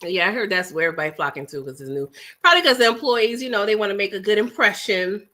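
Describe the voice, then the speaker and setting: Bright-voiced New woman chatting live. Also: mid-range voice, fast talker. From New York City. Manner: chatty and animated, with frequent laughs and asides to the audience; snacking while talking. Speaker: livestream host reading viewer chat. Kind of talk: casual live-stream chat.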